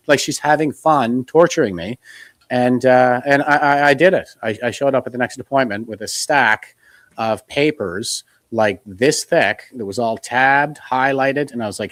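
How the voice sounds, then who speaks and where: A man's voice: medium pitch, normal speed, a bit bright, no echo. A man from Canada, a guest in a casual interview, talking earnestly and retelling past conversations with many restarts.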